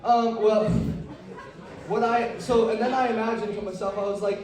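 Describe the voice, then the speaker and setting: A man's voice: sits high, level tone, normal speed, darkish tone. Rambling young male stand-up comic. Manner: rambling, self-deprecating, lots of fillers. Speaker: stand-up comedian. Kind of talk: stand-up comedy set. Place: comedy club stage. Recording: roomy, distant live club mic.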